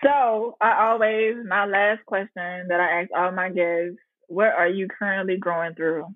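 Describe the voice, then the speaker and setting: A woman hosting a podcast in a relaxed, casual chat, laughing easily and using slang. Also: medium pitch, measured pace, dry recording, narrow, tinny audio. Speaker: podcast host.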